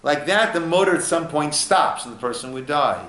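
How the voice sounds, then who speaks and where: A male rabbi teaching an informal study class, unhurried and acting out little dialogues as he explains. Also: on the high side, animated, sharp tone. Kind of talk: informal text study lesson. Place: echoey room at a lunch study group. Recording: roomy echo.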